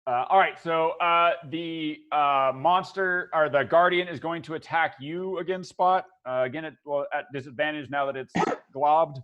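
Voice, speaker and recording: Guy with a fairly high voice running a tabletop game, laid back, lots of uhs while he works out rolls and rules. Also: normal speed, hardly any pauses, smooth, muffled recording. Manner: relaxed, filler-heavy, thinks aloud. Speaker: game master.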